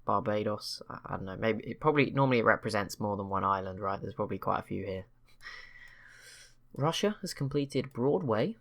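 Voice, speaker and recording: A man's voice: on the low side, vocal fry. A man hosting a strategy game channel, chatting casually over gameplay with rambling, self-correcting remarks and wry teasing asides. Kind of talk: casual let's-play commentary.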